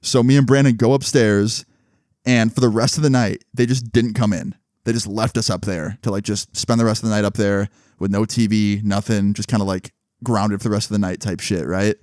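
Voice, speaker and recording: Animated swearing guy telling a story. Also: fairly low pitch, fairly quick, dry recording, studio quality. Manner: animated, swearing, filler-heavy. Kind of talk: casual storytime.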